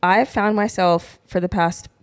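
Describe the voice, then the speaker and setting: Young woman, podcast co-host, casual chat, rambling, giggly, mid pitch. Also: steady tone, unhurried.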